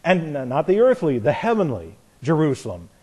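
A man preaching a verse-by-verse Bible sermon, animated, acting out the voices in the stories and chuckling at his own points. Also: fairly high pitch, normal speed, slightly rough.

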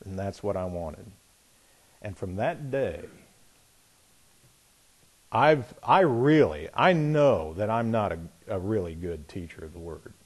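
Man, middle-aged, pastor, sermon testimony, lively rise and fall, storytelling. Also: fairly low pitch, slow pace, long pauses, husky. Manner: storytelling, swings from loud excitement to hushed quiet.

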